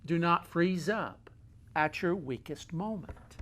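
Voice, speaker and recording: A middle-aged man hosting a motivational talk, emphatic and folksy, repeating key phrases and swinging between loud and quiet. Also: a little high, slow, slight background noise. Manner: folksy, talks with his hands. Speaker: host.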